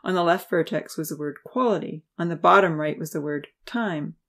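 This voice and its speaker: A woman narrating an audiobook in steady storytelling style. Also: low-pitched, moderate pace.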